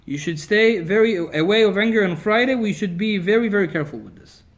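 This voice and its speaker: A male rabbi giving a Torah lesson, telling stories in an animated way that swings between loud and quiet. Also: high-pitched, a little fast. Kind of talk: Torah lecture storytelling.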